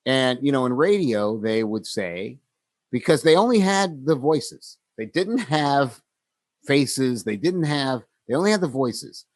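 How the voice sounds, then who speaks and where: A man's voice: mid-range voice, expressive, measured pace, no echo. A man co-hosting a casual podcast, talking reflectively with many fillers and restarts. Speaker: podcast co-host.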